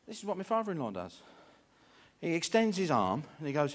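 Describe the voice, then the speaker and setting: A man performing a stand-up routine, telling a story with sudden shouted outbursts. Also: a little high, big pitch swings, brisk. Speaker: stand-up comedian.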